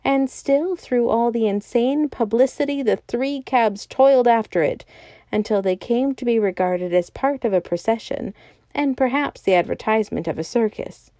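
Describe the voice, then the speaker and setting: A woman podcast storyteller reading a classic novel aloud in a calm, even voice. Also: fairly high pitch, normal speed, no room sound. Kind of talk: scripted narration of a classic novel.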